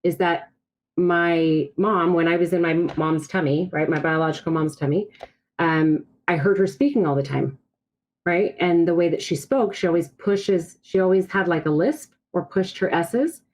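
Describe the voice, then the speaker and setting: Brazilian-born woman, low-pitched candid talk. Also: moderate pace, darkish tone, a little hiss or hum, rough recording. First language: Portuguese. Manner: candid, reflective personal storytelling. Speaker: podcast guest. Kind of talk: casual podcast conversation.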